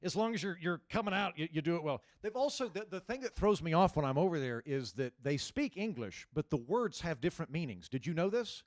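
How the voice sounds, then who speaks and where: A man in his forties doing a live stand-up set, talking to the crowd in a loose, halting way with frequent restarts. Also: on the high side, sing-song, no echo, clean studio sound. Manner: conversational, halting restarts, riffs with audience. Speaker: stand-up comedian.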